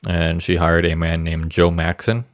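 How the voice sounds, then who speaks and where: A man's voice: low voice, monotone, measured pace, vocal fry, no echo, studio quality. A man co-hosting a podcast, casually recounting a true-crime story and often stumbling over his words with self-deprecating asides. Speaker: podcast co-host. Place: Indiana.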